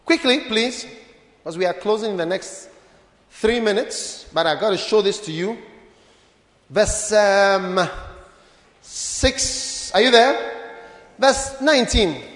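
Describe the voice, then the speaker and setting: High-pitched, animated preaching bishop. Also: male voice, takes it slowly, long pauses. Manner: animated, playful, calls on the congregation. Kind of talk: lively sermon. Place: church hall. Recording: echoey church hall.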